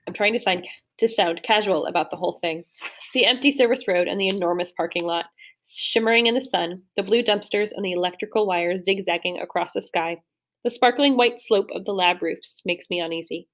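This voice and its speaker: Reading a little fast in a mid-range voice, a young adult woman voices a first-person novel for an audiobook. Her delivery stays steady, apart from the odd slip that makes her restart.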